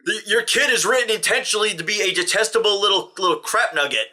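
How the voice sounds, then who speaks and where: Young guy co-hosting a movie review, higher voice, super bright and sharp, rants a lot. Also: fast talker. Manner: animated, ranting, slips into impressions. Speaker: co-host reviewing a film. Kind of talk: casual chat.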